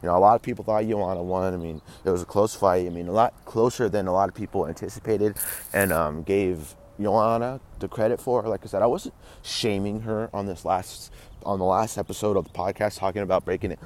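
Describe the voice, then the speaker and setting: A man's voice: deep voice, a little mellow. A man hosting a casual sports podcast, rambling with lots of fillers and swearing freely, his throat a little dry. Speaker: podcast host.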